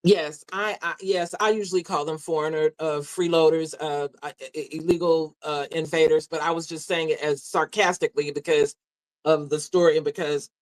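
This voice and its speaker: A man telling a story in a live audio discussion, halting and full of fillers. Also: a little high, fairly even intonation, no echo, rough recording. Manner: halting, many fillers and restarts. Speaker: guest speaker.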